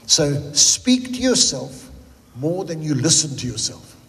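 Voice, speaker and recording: A man's voice: a little high, very animated, measured pace, a bit bright, in a large hall. A South African man preaching a sermon in a chatty, joking manner, drifting into tangents. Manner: humorous, conversational, goes off on tangents. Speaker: pastor.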